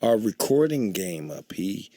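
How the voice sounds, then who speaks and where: A man's voice: on the low side, a little slow, slightly rough, dry recording. A man being interviewed, telling anecdotes and acting out the voices of the people in them. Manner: animated, acts out quoted voices. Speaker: interview guest. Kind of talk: anecdotal storytelling.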